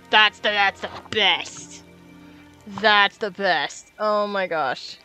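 A woman's voice: mid-range voice, drawn-out words, pushed and bright, soft background music. A woman streaming a video game, chatting casually and muttering to herself as she plays. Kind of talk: casual gaming stream commentary.

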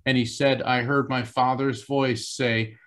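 A man's voice: mid-range voice, flat delivery, measured pace, a bit bright. A man on a video call, earnestly telling a story in an interview, emphatic and heartfelt. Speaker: psychic guest.

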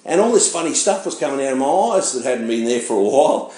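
A man, a pastor giving his testimony in animated storytelling, acting out the voices of people he met. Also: mid-range voice, fast talker. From Australia. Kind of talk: personal testimony sermon. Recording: echoey room.

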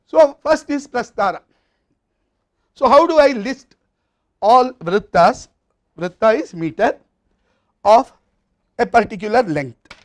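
A man's voice: extremely high pitch, animated, slow pace, long pauses. A man with an Indian English accent giving a university lecture, explaining step by step in a methodical way.

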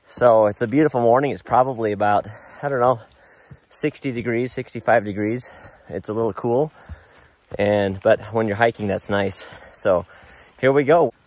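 A man's voice: fairly low pitch, normal speed, long pauses, no echo. A middle-aged American man chatting casually while hiking a mountain trail outdoors, a little out of breath and rambling as he talks about the way up. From United States. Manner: relaxed, rambling, admiring nature. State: slightly out of breath. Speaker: vlogger, father on a family hiking trip.

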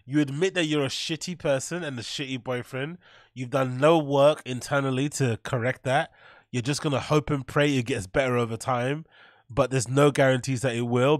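A man's voice: mid-range voice, dry recording, studio quality. A man hosting a reaction show, mocking and bluntly scolding what he watches. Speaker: host. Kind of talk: reaction commentary.

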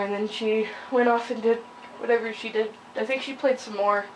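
A young woman giving casual, rambling gameplay commentary, giggling often and filling pauses with ums, a little sleepy with hiccups. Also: fairly high pitch, fairly even intonation. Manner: rambling, giggly, many fillers. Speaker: gaming channel host. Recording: distant mic with faint noise.

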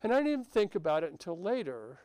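During a sermon in a church sanctuary, a male pastor recounts a personal story in a conversational, anecdotal way, frequently restarting. He's very animated and fast, with a high voice and darkish tone, and no room sound.

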